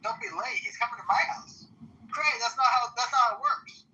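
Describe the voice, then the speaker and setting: Loud joking man from Nebraska. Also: extremely high pitch, fairly quick, a little hiss or hum, low-quality recording. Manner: loud, joking, rowdy banter. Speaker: audio chat room participant. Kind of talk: casual chat.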